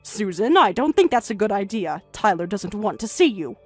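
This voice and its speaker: Firm, measured older grandmother, read by a woman, lively in pitch, with soft music underneath. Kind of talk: story narration with dialogue.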